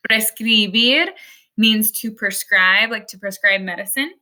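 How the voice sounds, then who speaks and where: Bright-voiced woman teaching step by step. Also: mid-range voice, measured pace. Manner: patient, step-by-step explaining. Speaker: Spanish teacher. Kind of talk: explaining slides in a recorded lesson.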